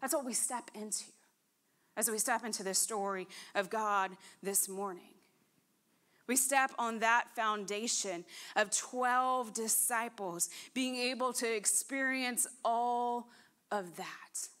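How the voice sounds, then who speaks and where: A woman delivers a sermon in a church, telling the story with dramatic flair and acting out each character's lines. Her voice sits a little high and bright, and she takes her time, drawing every phrase out slowly. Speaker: preacher. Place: church sanctuary.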